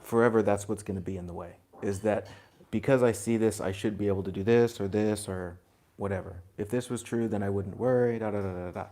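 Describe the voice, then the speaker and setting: A man giving a spiritual talk to a group, gentle and reflective, chuckling now and then and dropping in blunt asides. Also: on the low side, fairly even intonation, brisk. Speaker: spiritual teacher.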